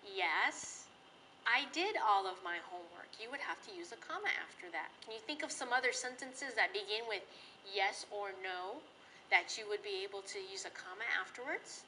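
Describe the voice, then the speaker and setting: Bright-voiced woman teaching a class. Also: mid-range voice, brisk, slight background noise, poor audio. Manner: patient, clear, sing-song teaching voice. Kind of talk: classroom grammar lesson.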